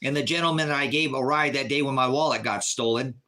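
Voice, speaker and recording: A man's voice: medium pitch, brisk, pushed and bright. A man from Oregon hosting a livestream, talking in an emphatic, repetitive, argumentative way to his chat. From Oregon, USA. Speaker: livestream host. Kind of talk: casual livestream rant.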